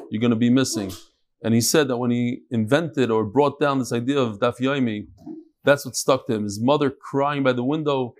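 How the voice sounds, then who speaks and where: A man hosting a daily class, reading out sponsor dedications and listener messages with casual asides. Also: mid-range voice. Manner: conversational, ad-libbing asides while reading. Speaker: rabbi and class host.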